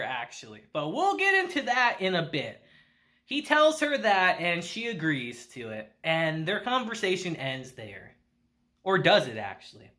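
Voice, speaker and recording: Animated, chatty male anime reviewer. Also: high voice. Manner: animated, chatty, laughs often. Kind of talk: casual episode recap.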